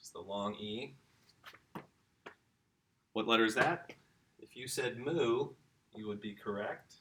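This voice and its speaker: Speaking slowly with a fairly bright tone, a man whose voice sits on the low side leads a relaxed home-school lesson. He's eager and conversational, speaking right to the kids and their parents, and there's a slight hiss or hum on the recording.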